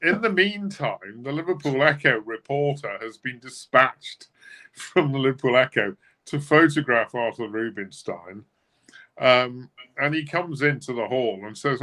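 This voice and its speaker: Bright-voiced male storyteller. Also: mid-range voice, expressive, measured pace. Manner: chatty storyteller, full of fillers. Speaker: livestream co-host. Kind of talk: casual anecdote telling.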